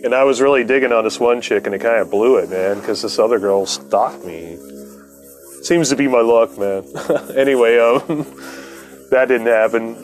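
A man's voice: medium pitch, normal speed, soft background music. A man, the host, telling a long personal story in a casual, profane way, laughing often and acting out what others said. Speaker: podcast host.

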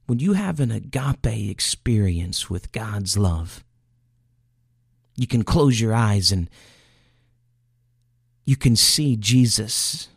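A male preacher delivering an earnest, emotional sermon. His voice is gravelly and a little husky, and he speaks slowly. The sound is dry and close, with no room echo. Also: medium pitch, darkish tone.

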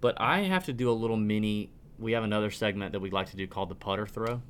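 A man's voice: on the low side, quick pace, clean tone. A man in his thirties hosting a casual podcast, ranting with lots of restarts and stumbles. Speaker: podcast host.

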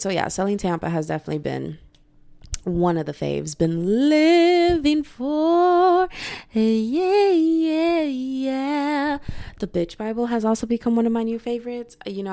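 A young woman hosting a solo podcast, chatting casually in an animated, slangy way. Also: fairly low pitch, creaky, no echo. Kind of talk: casual chat.

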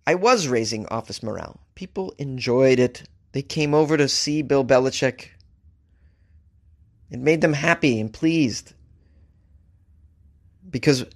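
A man hosting a comedy talk show, telling a story casually, cracking jokes and laughing at his own lines. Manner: wisecracking, laughs at his own jokes, animated shifts in pitch. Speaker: comedian podcast host.

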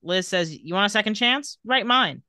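A woman's voice: mid-range voice, moderate pace, dry recording, clean studio sound. A woman co-hosting a podcast, animatedly retelling TV scenes and quoting the characters' lines in casual chat. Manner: animated retelling with quoted dialogue. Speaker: podcast co-host recapping a TV episode.

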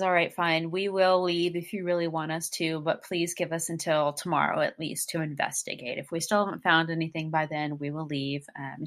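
A woman's voice: fairly low pitch, a bit bright. A woman co-hosting a podcast, retelling a mystery plot in a wry, matter-of-fact way. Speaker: podcast co-host. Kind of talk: casual book discussion.

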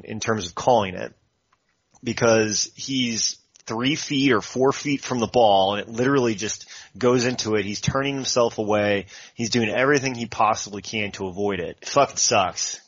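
A man co-hosting a casual football podcast, breaking down plays in a measured way with fillers. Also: on the low side, a bit bright, no room sound. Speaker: podcast co-host. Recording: dull lo-fi podcast audio.

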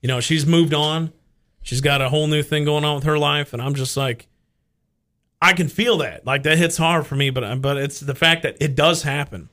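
A man's voice: fairly high pitch, moderate pace, pushed and bright. A man co-hosting a talk show, speaking earnestly about his own life. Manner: earnest, personal. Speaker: radio show co-host. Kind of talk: casual chat.

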